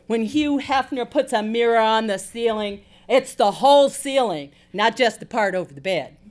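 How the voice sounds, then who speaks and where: A woman's voice: fairly high pitch, lively intonation, moderate pace, a little mellow, lightly acted. A woman voicing a wary, gossipy young housekeeper.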